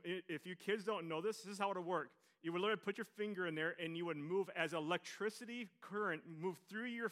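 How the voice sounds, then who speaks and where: High, bright-voiced male pastor preaching. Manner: conversational preaching, jokes with the congregation. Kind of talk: sermon. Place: church service before a congregation.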